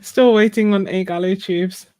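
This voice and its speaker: A woman's voice: medium pitch, steady tone, normal speed, a little mellow, no room sound. A young woman chatting casually with viewers while she paints on a live stream, laughing often. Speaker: live-stream art host.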